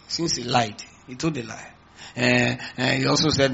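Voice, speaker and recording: A male pastor delivers a sermon in a slightly husky voice, often calling out to his congregation. His voice sits at an ordinary middle pitch, and the recording sounds dull and lo-fi. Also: moderate pace, fairly bright tone. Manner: preaching with call-outs to the congregation.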